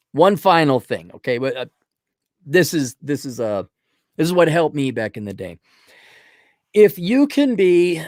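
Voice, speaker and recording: A man's voice: mid-range voice, darkish tone, dry recording, clean studio sound. A middle-aged man hosting his own show, rambling through a casual monologue and acting out little scenes in other voices. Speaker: podcast host.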